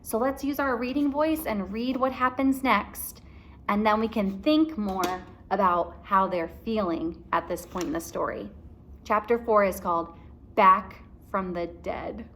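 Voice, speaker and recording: Woman teacher reading aloud to kids, slow and expressive, explains as she goes. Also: medium pitch, a little hiss or hum.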